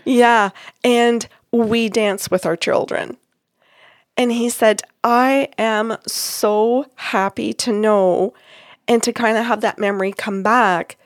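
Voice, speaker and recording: Woman storyteller, casual chat, animated retelling with quoted voices; dry, close mic sound. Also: a little high, slow, no room sound. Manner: animated retelling, acting out quoted lines with laughs. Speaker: psychic medium recounting a reading.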